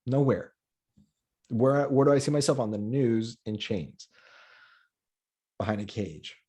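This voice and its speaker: A man's voice: medium pitch, measured pace, warm tone, breathy edge. A man from Colombia who grew up in the U.S., speaking as a comedian guest on a podcast in casual conversation. He talks with passion and repeats words as he builds a point.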